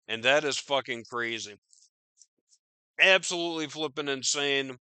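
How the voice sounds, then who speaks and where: A man's voice: medium pitch, a little slow, long pauses, pushed and bright, clean tone, no room sound. A man hosting a podcast, riffing on news in a profane, rambling, incredulous way. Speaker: podcast host. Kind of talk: casual news commentary.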